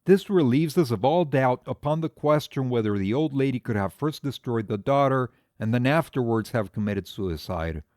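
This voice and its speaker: A man reading the part of a calm, methodical amateur detective, laying out his reasoning in a measured lecture. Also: mid-range voice, no echo, clean studio sound, natural voice. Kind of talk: audiobook character reading.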